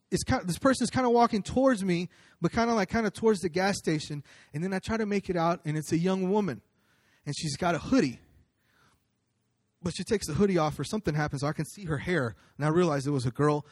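A man's voice: fairly high pitch, darkish tone, no room sound, clean studio sound. A man preaching a sermon in a conversational storytelling way, with fillers and restarts as he recounts a personal story. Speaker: pastor.

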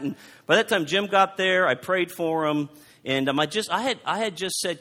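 A middle-aged man preaching a sermon, telling a personal story in a halting way, often repeating his words, and reading scripture aloud. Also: high voice, animated, pushed and bright. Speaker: pastor.

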